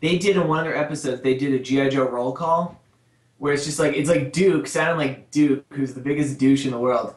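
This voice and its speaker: A man's voice: mid-range voice, a little fast. A man, a guest cartoonist, chatting casually on a podcast, enthusiastic and laughing often with geeky asides. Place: his home studio by a bookshelf. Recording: roomy echoey sound.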